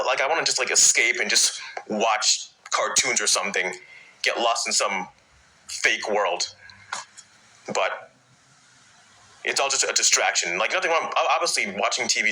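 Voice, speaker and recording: Bright-voiced man on a frustrated, stumbling rant. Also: on the low side, low-quality recording. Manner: frustrated, halting, many restarts. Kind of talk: personal rant.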